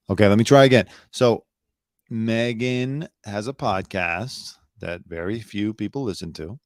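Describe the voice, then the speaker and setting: A man's voice: on the low side, measured pace, no echo, clean studio sound. A man hosting a live news commentary show, blunt, sarcastic and opinionated, talking loosely with fillers and asides.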